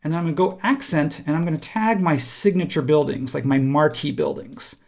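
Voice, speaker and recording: A man teaching a software tutorial, talking casually and thinking aloud while he clicks through steps. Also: fairly high pitch, fairly quick, creaky. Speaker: instructor. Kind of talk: screen-recorded software tutorial.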